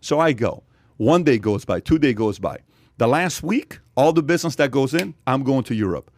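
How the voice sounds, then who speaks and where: A man hosting a podcast, telling a long story with energy and emphasis, with sudden loud jumps in his voice. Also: mid-range voice, expressive, moderate pace, a little hiss or hum. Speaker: podcast host. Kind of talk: animated storytelling in podcast chat.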